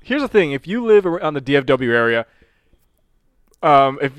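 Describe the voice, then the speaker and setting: A young man co-hosting a casual podcast, telling an animated story with quick asides into a close mic. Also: a little high, clean tone, dry recording. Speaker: podcast co-host. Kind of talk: casual chat.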